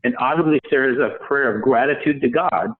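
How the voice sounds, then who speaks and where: Over phone-quality audio, a man with a mid-range voice speaks at a moderate pace as a podcast guest. He shares a personal story in conversation, voicing the people in it.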